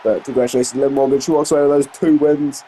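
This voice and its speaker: A man giving play-by-play commentary over a wrestling video game, getting excited on big moves and rambling into asides full of fillers. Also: medium pitch, fast talker, a little hiss or hum. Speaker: gameplay commentator.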